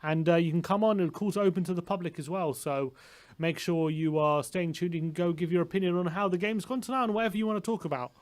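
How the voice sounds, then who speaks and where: A man with an English accent co-hosting a live football watchalong. His voice sits a little high for a man. He talks confidently and hammers his points home by repeating them. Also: steady tone, quick pace, few pauses. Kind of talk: casual football chat and commentary.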